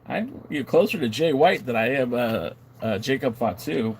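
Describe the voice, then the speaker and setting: Reading out viewer comments on his wrestling podcast livestream, a man chats casually in an animated, joking, mock-indignant way. His mid-range voice is slightly rough, at normal speed with few pauses.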